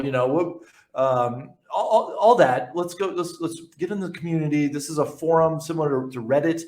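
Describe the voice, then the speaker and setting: A man's voice: medium pitch, darkish tone, reverberant. A man hosting an interview podcast in a casual chat style, eager and often repeating words and restarting sentences. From New York. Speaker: podcast host.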